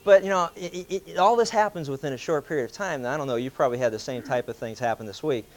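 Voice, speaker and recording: Medium in pitch and a fast talker, this man tells a group an anecdote in a casual way. His delivery is animated, with acted-out quotes and chuckles between lines.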